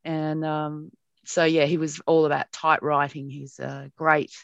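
A middle-aged Australian woman, a broadcast journalist, telling stories about her past in an animated way with frequent laughs. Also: deep voice, unhurried, vocal fry, no room sound, lo-fi sound. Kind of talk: reminiscing in an interview.

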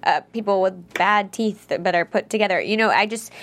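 A reflective woman talks a TV show through in a relaxed chat, at an ordinary pitch. She lays out her thoughts in long, explaining turns. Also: a little fast. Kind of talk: casual chat about a TV show.

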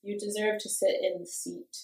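A woman's voice: mid-range voice, little pitch movement, normal speed, a little mellow. A young woman telling a story in casual chat, acting out quotes and swearing freely. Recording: roomy echo.

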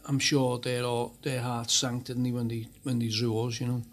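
A man's voice: medium pitch, flat delivery, normal speed. A man hosting a casual football chat, rambling with many fillers and restarts. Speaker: host.

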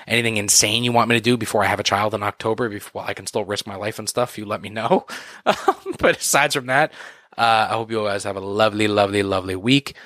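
A man's voice: fairly low pitch, fairly even intonation, fast talker, a bit bright, dry recording, studio quality. A man hosting a podcast, talking in a casual, exasperated rant full of swearing and fillers. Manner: profane, exasperated, filler-heavy. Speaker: podcast host. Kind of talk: casual ranting monologue.

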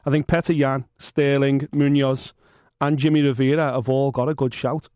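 A man's voice: medium pitch, little pitch movement, normal speed, warm tone, no echo, studio quality. A man co-hosting a podcast in casual chat, blunt and enthusiastic with strong opinions. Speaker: podcast co-host.

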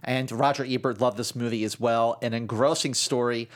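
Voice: medium pitch, moderate pace. A co-host of a film podcast chatting casually, telling stories animatedly and quoting critics. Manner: animated storyteller, quotes critics.

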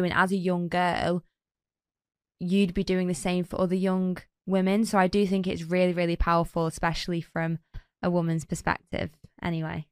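A woman's voice: fairly low pitch, steady tone, moderate pace, smooth, dry recording, clean studio sound. A woman co-hosting an interview, chatty and enthusiastic. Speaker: podcast co-host. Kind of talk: conversational interview.

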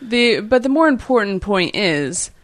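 A podcast co-host in casual chat, making dry, quick jokes and laughing easily. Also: medium pitch, big pitch swings, no echo.

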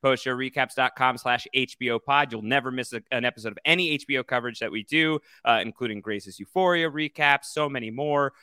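A man hosting a casual podcast, talking in an animated, joking way as he recaps a show and plugs its support page. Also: mid-range voice, brisk, hardly any pauses, clean tone, no echo, studio quality. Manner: animated, promotional, jokey. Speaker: podcast host.

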